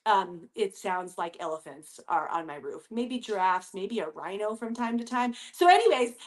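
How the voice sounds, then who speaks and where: A woman's voice: mid-range voice, lively intonation, normal speed. A woman, hosting a casual motivational talk from her home basement in an upbeat, chatty way. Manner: upbeat, chatty, addresses listeners as you guys. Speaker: podcast host.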